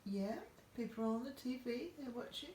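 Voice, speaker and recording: A woman's voice: fairly high pitch, normal speed, recorded from a distance. A woman from Australia talking in a coaxing, affectionate way to her pet parrot. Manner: coaxing, affectionate baby-talk to a bird. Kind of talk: casual talk to a pet. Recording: echoey room, voice from off-mic, noisy.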